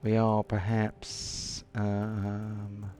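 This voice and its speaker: A man's voice: on the low side, monotone, extremely slow, dark tone, soft background music. A man running a tabletop game as game master, chatty and full of hesitant fillers. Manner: chatty, hesitant, lots of ums. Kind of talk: casual tabletop game narration.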